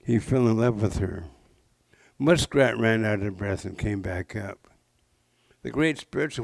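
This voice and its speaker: A man's voice: on the low side, measured pace, gravelly, no room sound, low-quality recording. A man in his sixties from the Pacific Northwest, telling traditional legends to a live audience with playful jokes and questions. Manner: playful, interactive, jokey asides. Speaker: traditional storyteller. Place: public library talk.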